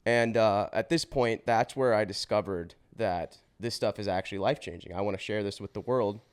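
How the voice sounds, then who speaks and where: A man in his twenties, a podcast guest, telling his life story in a casual, slangy way with swearing and quick restarts. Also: on the low side, smooth. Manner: slangy and swearing, says bro and dude; fast run-on telling with restarts.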